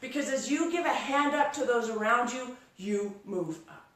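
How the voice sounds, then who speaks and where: A woman's voice: fairly high pitch, lively intonation, normal speed, a bit bright, very echoey, far from the mic. A woman giving a live-streamed motivational talk, emphatic and repetitive, tearful as she speaks. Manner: emphatic, repeats phrases, turns tearful and emotional. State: crying.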